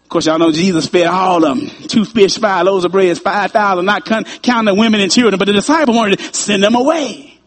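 A man's voice: sits high, a little fast. A man preaching a sermon in a conversational way, chuckling often and repeating his phrases.

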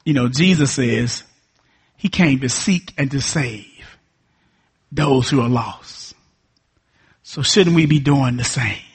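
A man's voice: medium pitch, slow, long pauses, husky. A man, a pastor preaching a sermon with emphatic, repetitive lines and call and response.

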